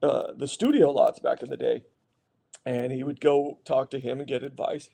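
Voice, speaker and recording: A man's voice: medium pitch, little pitch movement, moderate pace, gravelly, dark tone. A man guest on an interview, telling rambling anecdotes full of restarts and fillers, acting out the lines of the people in his stories. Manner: acts out other people's lines when retelling. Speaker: guest actor. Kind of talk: casual storytelling interview.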